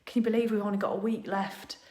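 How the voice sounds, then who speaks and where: A woman's voice: mid-range voice, fairly even intonation, fast, dark tone. A middle-aged woman, chatting cheerfully and bluntly to viewers while hosting a live stream from her living room at home. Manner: chatty, cheerful and blunt, with mild swearing and laughs. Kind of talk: casual live chat.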